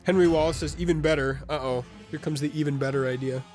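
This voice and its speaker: A man's voice: mid-range voice, fairly even intonation, fast talker, darkish tone, soft background music. A man streaming a game live, chatting in a rambling way and reading viewer comments aloud.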